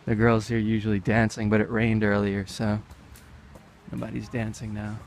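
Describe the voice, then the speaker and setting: A man's voice: fairly low pitch, completely flat delivery, normal speed, a little hiss or hum. An American man in his young adult years, giving a rambling, jokey commentary as he walks through an outdoor park. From United States. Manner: rambling, offhand, jokey asides. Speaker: travel vlogger. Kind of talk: casual walking commentary. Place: outdoor park with animal pens.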